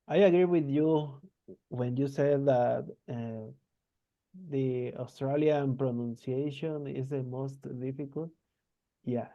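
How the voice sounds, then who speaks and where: A male student answering in a class discussion, speaking in a measured, hesitant way. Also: medium pitch, lo-fi sound.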